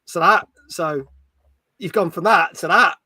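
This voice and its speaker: Bright-voiced middle-aged Yorkshire host. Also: male voice, high-pitched, a little slow, no room sound. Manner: reads chat aloud, laughs often. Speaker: stream host. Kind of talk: casual livestream chat.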